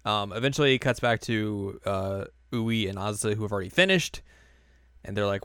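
Smooth-voiced young man recapping a show. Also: lowish voice, brisk, dry recording, clean studio sound. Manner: animated storytelling, jumps into quoted voices. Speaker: podcast co-host recapping an anime. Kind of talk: casual chat.

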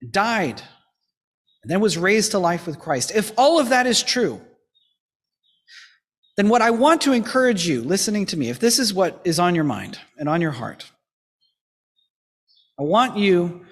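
A man delivers a sermon from the pulpit in a notably high voice, earnest and exhorting, now and then easing into a light aside. His words trail off into the long reverb of a church sanctuary. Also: fairly bright tone. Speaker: pastor.

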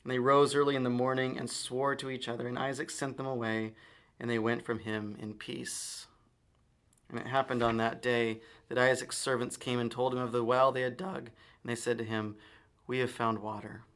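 A man reading scripture aloud in a measured, solemn manner. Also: mid-range voice, level tone, a bit bright. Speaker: reader.

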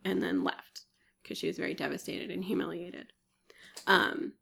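A medium-pitched, creaky, slightly bright female voice tells a myth in casual conversation. As a podcast co-host, she has a chatty storytelling style packed with fillers and interrupted by frequent coughs.

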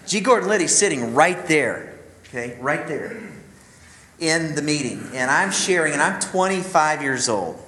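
An earnest man tells a personal story to a room full of men, confiding and direct. His voice sits a little high. The room adds a noticeable echo. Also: fairly bright tone, a little hiss or hum. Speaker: ministry speaker. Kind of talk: personal storytelling talk to a men's audience.

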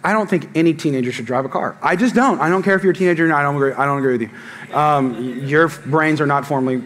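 A man's voice: a little high, fast. A middle-aged male pastor preaching a sermon, telling jokes and stories and calling out to the congregation. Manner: animated, joking storytelling to the congregation.

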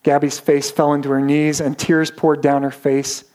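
A man preaching a sermon, telling a story dramatically and slowing down for emphasis. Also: on the high side, little pitch movement, darkish tone. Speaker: pastor.

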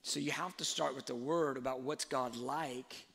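A man giving a sermon-like talk on faith and parenting, telling stories slowly and reflectively, with fillers and restarts. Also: medium pitch, fairly even intonation, gravelly, fairly bright tone, slightly rough. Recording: long hall reverb.

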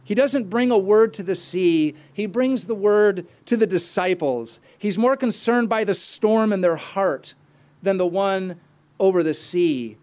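A man's voice: high-pitched, measured pace, a little mellow. A male preacher giving an earnest, explanatory sermon with occasional asides.

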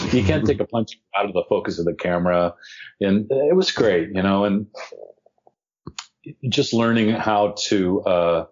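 A man, an actor, telling animated anecdotes as an interview guest and laughing now and then as he talks. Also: on the low side, dull audio. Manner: animated storyteller, laughs mid-story.

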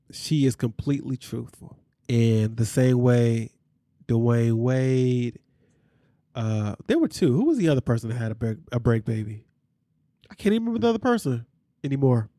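A man's voice: mid-range voice, mellow, no room sound, clean studio sound. A man hosting a podcast, recapping reality TV in a candid, slangy way with asides to his listeners. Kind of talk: casual chat.

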